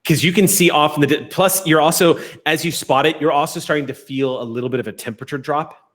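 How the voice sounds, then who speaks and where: A man running a tabletop game as game master, narrating scenes and explaining rules in a relaxed, descriptive way. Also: a little high, fast talker.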